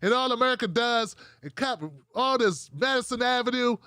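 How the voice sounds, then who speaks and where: A man hosting his own commentary show, talking in a loose, profane rant. His voice sits high for a man, and it sounds dry and close with no room echo. He is sarcastic and slips into mocking voices for the people he quotes. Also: moderate pace, bright, forceful tone, clear, resonant tone. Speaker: political commentary host. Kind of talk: casual ranting commentary.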